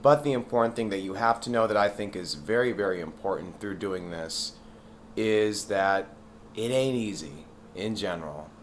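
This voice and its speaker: Lower-voiced man, earnest advice. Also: moderate pace, a little hiss or hum. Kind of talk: earnest talk to camera.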